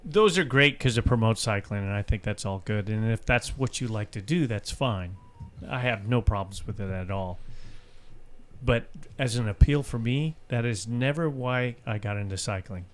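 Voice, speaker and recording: A man's voice: on the low side, normal speed. A man co-hosting a live cycling podcast in a bar, chatting casually in a plain-spoken, slightly rambling way. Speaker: podcast co-host. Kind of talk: casual chat.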